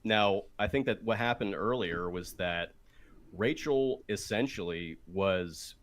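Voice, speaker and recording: A man's voice: lowish voice, takes it slowly, a bit bright. A man in a heated online debate, mocking at times and arguing back when interrupted. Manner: mocking, joking, then argumentative. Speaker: debate participant.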